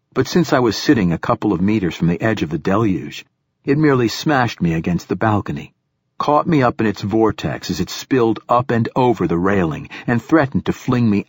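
A man narrating a first-person science-fiction audiobook in a measured, steady storytelling manner. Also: on the low side, breathy edge, dry recording, clean studio sound.

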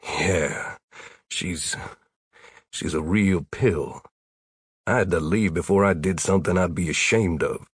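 A man's voice: sits low, brisk, hardly any pauses, slightly rough, no room sound, clean studio sound. A man voicing a weary, put-upon adult male wizard who grumbles in a sardonic way. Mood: grumbling.

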